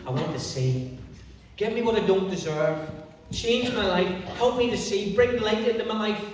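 A man voicing a desperate blind male beggar who pleads and cries out loudly. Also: high-pitched, moderate pace, a little hiss or hum, natural voice. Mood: pleading. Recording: echoey church hall from far off.

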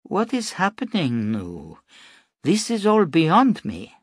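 A man's voice: on the high side, wildly swooping pitch, takes it slowly, slightly rough, dry recording, studio quality, voice pushed up, heavily acted. A man voicing a devoted, anxious wife in an audiobook reading, with a raised pleading tone. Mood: bewildered.

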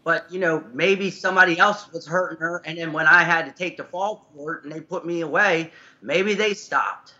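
A man's voice: a little high, moderate pace, bright, forceful tone. A man answering questions over a conference call, hesitant and rambling as he defends himself. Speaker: guest on a video call. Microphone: conference call line. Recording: dull video-call audio.

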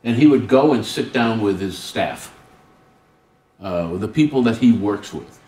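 A man presents a staff workshop with a lively, swooping voice and plenty of humor. He keeps acting out short exchanges. The sound is roomy and picked up from a distance. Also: fairly low pitch, unhurried. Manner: animated, acts out dialogues with humor. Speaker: guest speaker on student service. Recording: roomy hall, distant mic.

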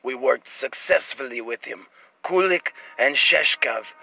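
A man reading the lines of a weary old male virology director from a game, in a plain unhurried voice. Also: medium pitch, expressive, vocal fry, sharp tone, exaggerated voice. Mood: measured. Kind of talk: reading game dialogue aloud.

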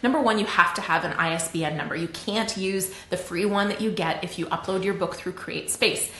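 Canadian woman, livestream host, chatty, animated, lots of laughter, roomy echo. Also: on the low side, a little fast, a little hiss or hum. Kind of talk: casual livestream teaching.

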